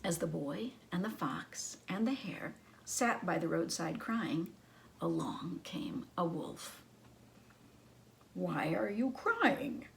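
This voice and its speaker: A woman librarian reading a children's story aloud in an expressive, teacherly way. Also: lowish voice, slow pace, vocal fry.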